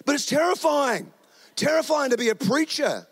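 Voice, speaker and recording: This is a middle-aged man with an Australian accent, speaking in a fairly high voice. He is giving a sermon in an animated, joking way, slipping quick asides into his stories. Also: gravelly. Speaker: guest preacher.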